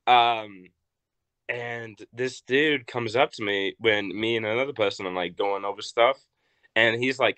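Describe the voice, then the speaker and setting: Young man from Arkansas, bright voice, dry close sound, animated storyteller, casual guest. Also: unhurried, no room sound. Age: young adult. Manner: animated storyteller, acts out quotes with big pitch jumps. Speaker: wrestler guest.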